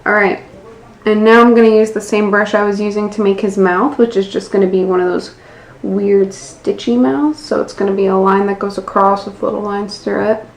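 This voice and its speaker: A woman's voice: medium pitch, little pitch movement, normal speed, gravelly. An American woman in her twenties narrating a casual nail art tutorial, self-deprecating and swearing casually. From United States. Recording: echoey room, faint background noise.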